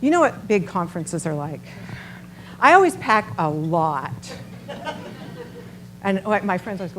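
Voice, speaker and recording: A middle-aged woman giving a storytelling talk to a live audience, chatty and animated, often asking the listeners questions. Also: on the low side, normal speed, long pauses, slight background noise, poor audio. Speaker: nonprofit founder giving a talk.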